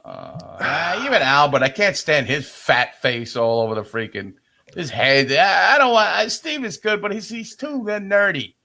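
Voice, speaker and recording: Older New York man, podcast co-host; grumpy ranter with a very lively pitch. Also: moderate pace, gravelly. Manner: grumpy ranting. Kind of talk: casual sports chat.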